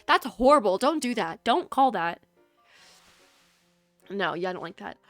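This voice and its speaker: A woman's voice: mid-range voice, big pitch swings, a little fast, dry recording, faint music behind. A woman streaming a video game, chatting casually with her viewers, teasing and laughing often.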